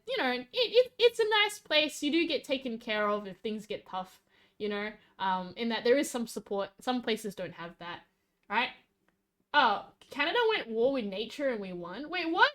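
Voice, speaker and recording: An Australian woman streaming, chatting casually and rambling, quick to laugh. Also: sits high, a bit bright. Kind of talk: casual live-stream chat.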